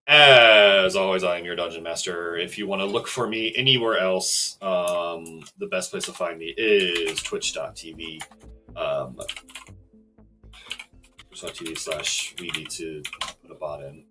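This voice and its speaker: A man narrating a tabletop game as game master, relaxed and hesitant with many fillers. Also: low-pitched, a little slow, over music, poor audio.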